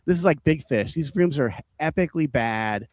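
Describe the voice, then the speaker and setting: A man telling rambling stand-up stories on a podcast, profane and animated, often laughing and acting out the people he quotes. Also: a little high, normal speed, dry recording. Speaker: podcast co-host, stand-up comic. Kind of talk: casual storytelling chat.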